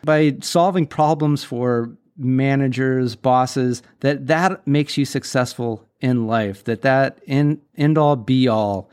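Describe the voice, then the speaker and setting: A man's voice: mid-range voice, slow pace, few pauses, darkish tone, smooth. A man in his forties hosting a casual solo podcast, speaking candidly and bluntly with firm opinions. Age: 40s. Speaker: podcast host.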